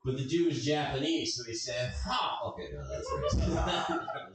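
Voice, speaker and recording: A man's voice: medium pitch, big pitch swings, a little fast, faint music behind. A man with a Southern US accent doing a rambling stand-up set that keeps correcting itself. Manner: rambling, self-correcting delivery. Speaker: stand-up comic and show host. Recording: echoey club from far off.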